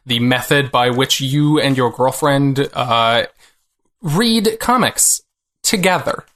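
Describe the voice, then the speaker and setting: A man's voice: mid-range voice, slow, a bit bright. A man co-hosting a comics podcast in casual chat, rambling with many fillers. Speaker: podcast co-host.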